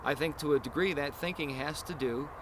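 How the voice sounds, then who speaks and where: A man's voice: fairly high pitch, a little fast, noisy background. A man hosting a casual podcast chat, talking in long, earnest, rambling explanations. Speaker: podcast host.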